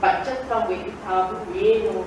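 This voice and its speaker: A woman's voice: mid-range voice, fairly even intonation, normal speed, background noise. A woman giving a public Dhamma talk, repeating her points emphatically in colloquial phrasing. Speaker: Buddhist Dhamma speaker. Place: lecture hall. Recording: echoey hall recorded from far off.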